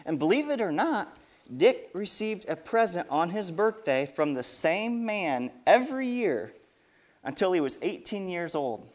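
A man's voice: sits high, a little slow. A man reading a story aloud to children, stopping often to ask them questions. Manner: lively, asks the kids questions.

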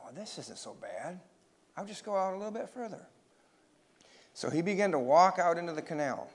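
A man reading a children's story aloud, expressive and pausing to ask his listeners questions. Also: on the high side.

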